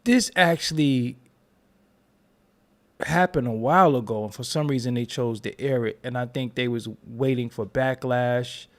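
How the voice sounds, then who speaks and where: Tired, rambling man hosting a stream. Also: medium pitch. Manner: loose, rambling, playful, with drawn-out repeats. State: tired, yawning. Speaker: YouTube commentary host. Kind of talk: casual live-stream chat.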